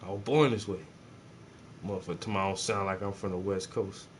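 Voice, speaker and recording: A man's voice: low-pitched, fairly even intonation, a little fast, a little hiss or hum. A man, chatting casually and profanely while he paints, joking and rambling to his viewers. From South Carolina.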